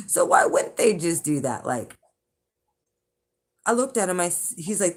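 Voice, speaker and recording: A woman's voice: lowish voice, sing-song, measured pace, long pauses. A woman telling a casual, rambling story straight to her viewers, swearing and chuckling as she goes. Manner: chatty and rambling, with swearing and laughter. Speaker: channel host, intuitive reader.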